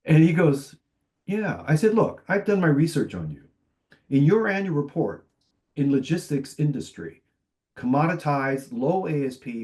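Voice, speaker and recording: A man on a conference panel, telling animated sales anecdotes full of quoted dialogue. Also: medium pitch. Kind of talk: panel discussion storytelling.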